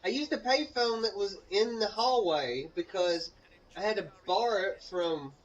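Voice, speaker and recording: He's a young Mississippi man co-hosting a gaming channel, spinning a rambling casual story in a Southern accent while playing, with frequent fillers and asides to the game. His high-pitched voice moves at a measured pace. He sits far from the mic, and the highs are cut off.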